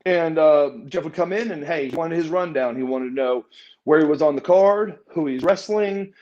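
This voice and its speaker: A man telling a backstage story in a casual interview, acting out other people's lines as he goes. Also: moderate pace. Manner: animated, acts out quotes with raised pitch. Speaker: interview guest, former wrestler. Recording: muffled lo-fi audio.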